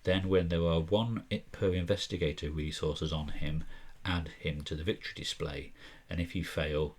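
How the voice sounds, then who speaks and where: A man co-hosting a board game podcast, reading card rules aloud in a measured way. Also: deep voice, steady tone. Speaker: podcast co-host. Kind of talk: casual board game discussion.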